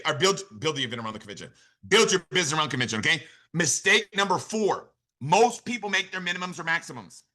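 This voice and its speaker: A man giving an energetic motivational training on a call, full of repetition and rhetorical questions. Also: fairly high pitch. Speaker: network marketing director giving a training.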